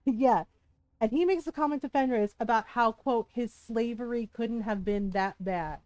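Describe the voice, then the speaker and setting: A woman's voice: on the high side, unhurried, a little mellow, no room sound. A woman game streamer in casual livestream chat, ranting heatedly, swearing often and breaking into laughs.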